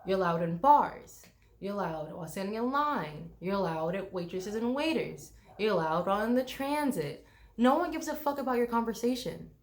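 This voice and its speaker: A woman's voice: medium pitch, expressive, normal speed. A young woman from the United States, a travel vlogger, ranting bluntly and swearing freely, mocking people with put-on voices. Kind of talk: casual ranting vlog.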